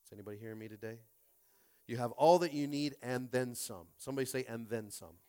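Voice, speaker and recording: A man's voice: medium pitch, quick pace, mellow, smooth. A man preaching a Sunday sermon as pastor, stumbling over repeated words and rallying his listeners.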